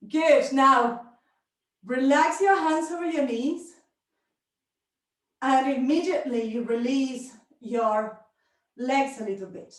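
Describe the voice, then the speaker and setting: A woman with a high voice leads a workout-style yoga class, calling out breaths and poses in short encouraging commands. She speaks at an unhurried pace while moving with her students. The sound is very echoey and picked up from across the room. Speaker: yoga teacher. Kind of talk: live yoga class instruction. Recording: very echoey room, distant mic.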